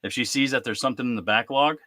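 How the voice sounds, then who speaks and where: A man in his thirties hosting a casual live-stream chat, talking in a lively, chatty way and acting out bits of family conversation. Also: mid-range voice, quick pace, no echo. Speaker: host.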